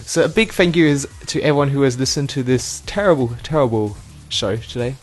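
A man hosting a casual online show, playful and rambling, with lots of ums and quick asides. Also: mid-range voice, soft background music. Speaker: host. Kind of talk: casual podcast chat.

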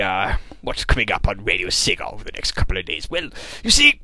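A man's voice: mid-range voice, wildly swooping pitch, fairly quick, hardly any pauses, bright, forceful tone, dry recording. A British man hosting a live internet radio show, rambling on in a silly exaggerated put-on voice. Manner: rambling, babbling banter.

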